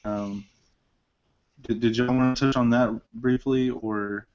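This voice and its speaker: A man's voice: medium pitch, fairly even intonation, takes it slowly, darkish tone. A man hosting a casual film discussion, rambling with lots of fillers and restarts. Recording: dull lo-fi recording.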